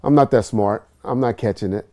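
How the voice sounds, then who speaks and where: A man's voice: fairly low pitch, brisk, darkish tone. A man giving candid interview answers, emphatic and self-deprecating. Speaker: interview guest.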